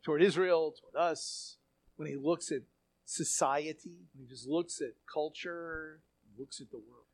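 A Bible teacher giving a sermon-style talk, animated and emphatic, with frequent fillers and restarts, reading scripture aloud with dramatic feeling. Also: medium pitch, a little slow.

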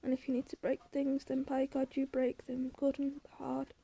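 A woman voicing a gentle, dying mother. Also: sits high, completely flat delivery, normal speed, creaky. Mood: fierce. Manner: soft, tender, pleading. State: crying in places. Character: gravely ill mother, gentle, worn out.

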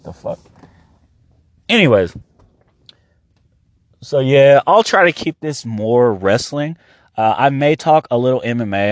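A man from Oklahoma hosting his own podcast, ranting casually and profanely, dropping to a mumble and then rising to near shouts. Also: medium pitch, no echo, clean studio sound. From Oklahoma, USA. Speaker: podcast host. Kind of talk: casual solo podcast rant.

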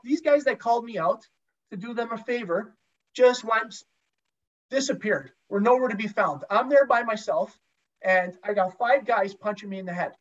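A former pro hockey goalie telling a long, profane story as a guest in a casual chat, with lots of restarts. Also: male voice, extremely high pitch. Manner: profane, rambling anecdotes with many restarts. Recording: dull lo-fi sound.

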